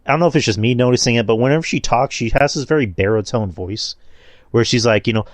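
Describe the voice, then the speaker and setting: A man's voice: mid-range voice, fast, dry recording, clean studio sound. A man talking in casual podcast chat, blunt and opinionated, with casual swearing.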